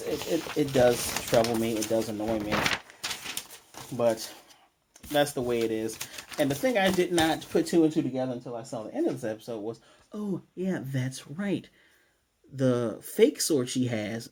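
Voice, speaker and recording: A man's voice: medium pitch, darkish tone. A man casually recapping an anime episode, rambling and restarting as he quotes characters' lines. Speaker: anime reviewer.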